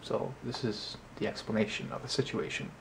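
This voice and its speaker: Talking a little fast with fairly even intonation, this young man has a gravelly, slightly bright voice. He's a vlogger recounting a story to his camera mic in his apartment at night, rambling, exasperated and chatty, even imitating people in a high voice. A faint hiss or hum sits under the audio.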